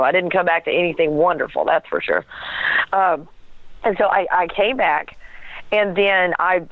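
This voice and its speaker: A woman's voice: on the low side, dry recording. Woman telling her story over a phone line. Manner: animated storytelling with laughs and acted quotes. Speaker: guest.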